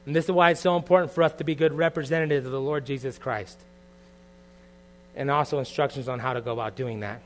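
A middle-aged man preaching a sermon as pastor, earnest and confessional, moving from quiet reflection to loud bursts. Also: mid-range voice, steady tone, quick pace.

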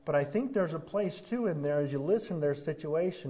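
A man preaching a sermon as pastor, earnest, rising to emphatic peaks and then dropping soft. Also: fairly high pitch, expressive, a little fast, few pauses. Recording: dull lo-fi sound.

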